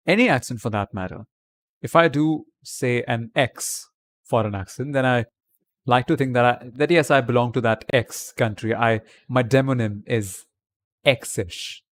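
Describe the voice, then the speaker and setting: A man from India chatting on a livestream from his home webcam. He answers viewers' comments and talks English in a put-on British accent. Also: medium pitch. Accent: British accent put on by an Indian speaker. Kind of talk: casual livestream chat.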